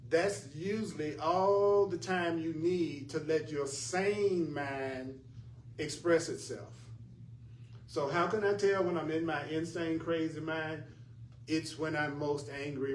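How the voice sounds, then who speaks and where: Guy teaching a spiritual class, earnest and emphatic, kinda high voice, faint background hum. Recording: echoey room from far off, faint ambience.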